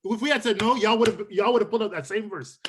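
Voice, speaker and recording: A man's voice: high voice, fast talker, a little hiss or hum. A man arguing his point in a casual online game night, insistent and repeating himself to hold the floor. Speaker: game contestant.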